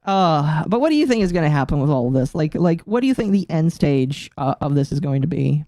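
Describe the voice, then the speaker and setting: Brisk and mid-range in voice, a streamer host rants animatedly through a casual live stream, swearing a lot and laughing often. It's studio-quality audio with no room sound.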